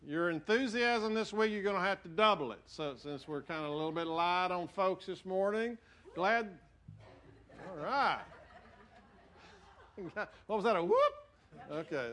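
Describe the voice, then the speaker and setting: High-voiced, folksy pastor. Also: male voice, sharp tone, slight background noise. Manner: folksy, joking, loose and conversational with fillers. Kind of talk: sermon. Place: church sanctuary.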